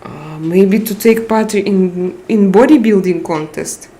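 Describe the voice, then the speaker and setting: A woman's voice: mid-range voice, takes it slowly, dark tone. A woman hosting a live chat, reading viewer messages and teasing them in a playful, giggly way.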